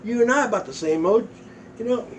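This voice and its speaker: Older man, high voice, swearing joke-teller, distant mic, faint background hiss. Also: brisk. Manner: profane, folksy storytelling, acts out voices. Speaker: comedian telling jokes. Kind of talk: crude joke telling.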